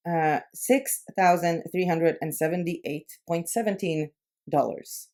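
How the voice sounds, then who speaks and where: A woman's voice: deep voice, unhurried, a little mellow. A young woman from Israel speaking English with a light, Americanized Israeli accent, chatting casually in a personal vlog with frequent filler words. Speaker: YouTube creator.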